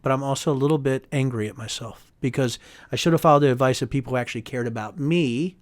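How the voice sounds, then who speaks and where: A man's voice: medium pitch, fast, dry recording. A middle-aged man, a congressman and author, talking as an interview guest in a heated, emphatic way, tagging his points with "right?". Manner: emphatic and heated, quotes others in voices, sprinkles "right?". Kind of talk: animated interview talk.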